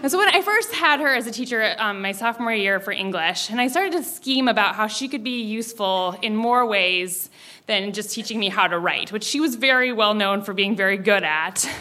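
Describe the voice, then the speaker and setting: A woman's voice: mid-range voice, expressive, normal speed, pushed and bright. A young woman telling a funny personal story to a live audience, self-mocking and laughing often.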